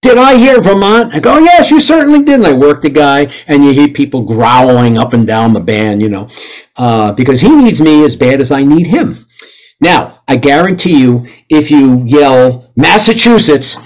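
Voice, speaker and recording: A middle-aged man giving a lively talk to a club audience, blunt and joking, with sudden loud outbursts when he acts out radio calls. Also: mid-range voice, normal speed, poor audio. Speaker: club presenter.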